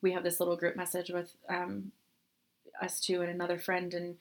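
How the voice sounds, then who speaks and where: A woman's voice: lowish voice, completely flat delivery, normal speed. Young woman co-host, chatty storyteller, laughs a lot, acts out quotes. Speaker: podcast co-host. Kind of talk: casual chat.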